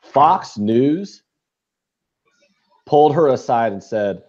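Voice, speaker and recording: A man's voice: mid-range voice, lively intonation, slow, a little mellow, lo-fi sound. A man co-hosting a podcast, talking bluntly and rambling, with frequent swearing and restarts. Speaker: podcast co-host. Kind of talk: casual chat.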